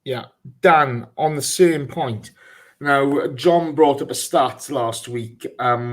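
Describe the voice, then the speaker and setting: Guy hosting a live pod, mid pitch, worked up and frustrated, keeps restarting his sentences. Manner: animated, frustrated, stumbling restarts. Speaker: podcast host. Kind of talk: casual live podcast chat.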